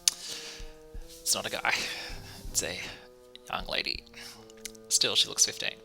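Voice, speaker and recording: A man's voice: lowish voice, fairly even intonation, slow, creaky, bright, forceful tone, soft background music, poor audio. A man reading a visual novel aloud, mixing the narration with amused asides about what he sees on screen. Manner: reads narration then breaks off for amused asides. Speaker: streamer playing a visual novel.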